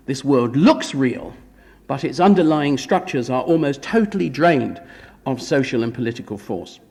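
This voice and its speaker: Gravelly man lecturing in a hall. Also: on the high side, a little mellow. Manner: wry, ironic asides. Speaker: guest lecturer at a film conference. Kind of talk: academic lecture. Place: conference hall. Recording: long hall reverb.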